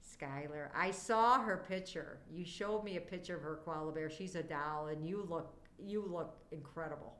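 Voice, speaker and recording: A woman's voice: low voice, moderate pace, hardly any pauses, roomy sound. An older woman chatting casually with viewers on a live stream, affectionate and prone to wandering off on tangents. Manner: warm, affectionate to chat viewers. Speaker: livestreamer.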